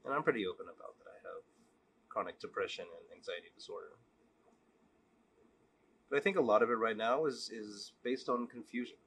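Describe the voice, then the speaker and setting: A man vlogging, telling a long joke and then talking candidly in a relaxed, casual way. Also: fairly low pitch, fairly quick, gravelly, long pauses, slightly rough. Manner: relaxed, candid, repetitive storytelling. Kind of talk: joke storytelling and casual reflection.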